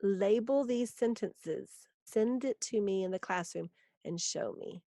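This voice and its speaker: A woman teaches a recorded grammar lesson at an unhurried, deliberate pace. She walks through each rule step by step with patience, her voice sitting in the middle of the range. The sound is dry and close, with no room around it. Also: medium pitch, mellow, no room sound.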